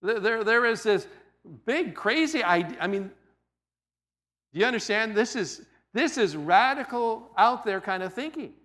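A man with a high, bright voice preaches a sermon conversationally. He stacks phrase on phrase and circles back to hammer each point home. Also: animated, unhurried. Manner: conversational preaching, stacked repetitions and emphatic restatements. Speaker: pastor.

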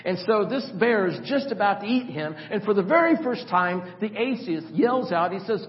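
A man's voice: high voice, animated, normal speed, hardly any pauses. A man preaching a sermon as the church pastor, asking the congregation questions and repeating words as he starts sentences. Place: church sanctuary. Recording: dull echoey church hall recording.

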